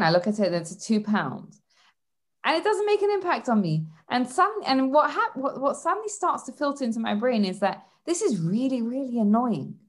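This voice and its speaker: A woman hosting a parenting podcast, explaining ideas through lively stories with frequent restarts. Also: fairly high pitch. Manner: animated storytelling with frequent restarts. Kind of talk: instructive podcast monologue.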